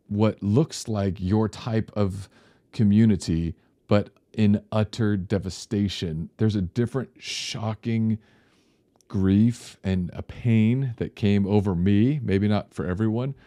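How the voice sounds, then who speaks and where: A middle-aged man, a pastor, telling a story in a casual, animated way and laughing now and then. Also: lowish voice, no echo.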